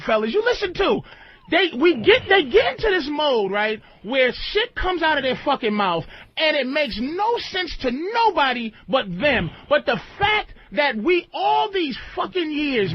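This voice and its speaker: High-pitched man ranting, dull lo-fi audio. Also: a little slow. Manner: loud, profane, animated ranting. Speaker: radio show host. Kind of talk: heated radio talk show rant.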